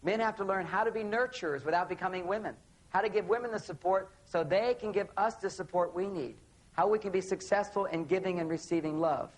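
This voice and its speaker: A man giving a seminar talk on relationships, telling an anecdote in an animated way and acting out bits of dialogue. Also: high-pitched, fairly quick, low-quality recording. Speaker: relationship author speaking on stage.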